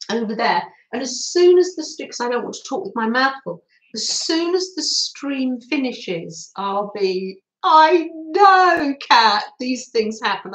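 A woman hosting a live craft stream, chatting warmly with viewers and giggling often. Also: mid-range voice, reverberant, low-quality recording. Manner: chatty, giggly, talks through snacking. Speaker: livestream host reading viewer comments.

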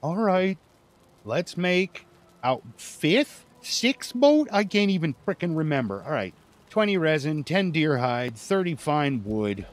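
An animated man commenting on his own live gameplay, his slightly high voice leaping up and down as he grumbles and swears at the game. He takes his time, stretching his words out slowly. A faint hiss of noise sits behind him. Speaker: streamer.

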